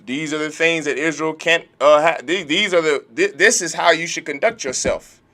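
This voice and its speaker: Man, religious class teacher, bright tense voice, somewhat high pitch, repeats himself, rhetorical questions. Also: normal speed. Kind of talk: lecture-style sermon.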